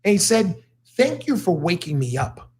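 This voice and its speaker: A man talking fast and with energy, telling stories as a motivational guest on a talk show. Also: sits high, big pitch swings, darkish tone. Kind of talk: casual talk show conversation. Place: studio.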